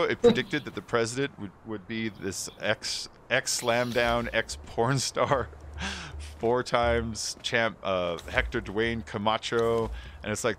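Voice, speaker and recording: A man's voice: medium pitch, fairly bright tone, slight background noise. A man chatting casually while streaming a game, rambling through movie stories and laughing often. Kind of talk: casual gaming stream chat.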